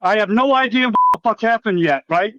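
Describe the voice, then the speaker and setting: High-pitched man telling rowdy stories. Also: fairly quick, pushed and bright, dry recording. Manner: rambling, profane, acts out quotes from others. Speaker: interview guest, former wrestler. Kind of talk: casual storytelling interview. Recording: slightly dull, dry recording.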